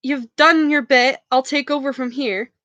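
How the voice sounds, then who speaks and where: A woman's voice: high voice, fairly even intonation, moderate pace, a bit bright, no echo. A woman reading aloud, voicing a big, blunt male gamekeeper in a storybook, with a light Scottish accent. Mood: gruff. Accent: light Scottish, as put on.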